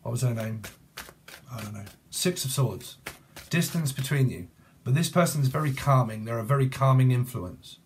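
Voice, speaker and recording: A British-accented man acting as a tarot reader gives a rambling, jokey reading, free-associating and laughing at his own jokes. His voice sits in the mid range at a moderate pace, with a little hiss or hum on the recording.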